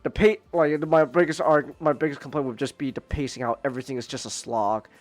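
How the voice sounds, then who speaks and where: A man hosting a casual podcast, ranting and stammering, repeating words and swearing, dropping to mutters then climbing to near-yells. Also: mid-range voice, steady tone, fairly quick, no room sound. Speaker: podcast host.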